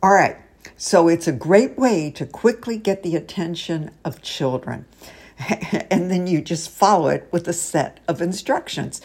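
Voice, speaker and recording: Woman, teacher trainer, slow unhurried delivery, cheerful, laughs a lot. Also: fairly low pitch, animated, darkish tone, slightly rough. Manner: upbeat, laughs often between phrases. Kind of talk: instructional video tip.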